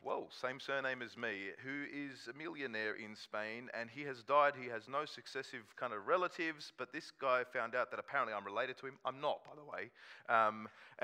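A man's voice: medium pitch, lively intonation, brisk, bright, forceful tone, clear, resonant tone. A man, preaching a sermon in a conversational storytelling way and acting out quoted voices. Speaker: pastor.

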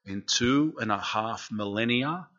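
A man preaches in a church and keeps asking the congregation questions. His voice is bright and lively. The recording sounds dull and lo-fi. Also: lowish voice, a little slow. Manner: chatty, asks the congregation questions. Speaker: pastor. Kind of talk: interactive sermon.

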